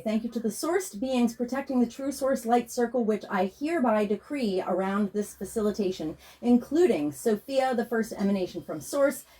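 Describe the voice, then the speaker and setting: A woman, a spiritual healing facilitator, reading a scripted guided meditation and invocation in a slow, measured way. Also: medium pitch, warm tone.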